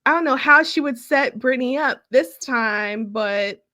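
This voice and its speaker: A woman's voice: sits high, bright, forceful tone. A woman hosting a podcast, chatting casually and emphatically as she recaps a reality show. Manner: emphatic, quick to agree. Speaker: podcast host.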